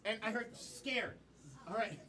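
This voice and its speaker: A man's voice: high-pitched, unhurried. A man hosting a live improv comedy show, upbeat and taking suggestions from the crowd. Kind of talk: live emcee patter. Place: small comedy theater. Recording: distant mic with audience laughter.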